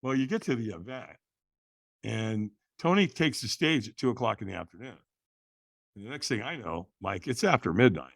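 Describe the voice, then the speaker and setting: A middle-aged man, a podcast guest, telling a personal story in a lively way, acting out the voices in the quotes and often restarting words. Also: medium pitch, normal speed, vocal fry, no echo, studio quality.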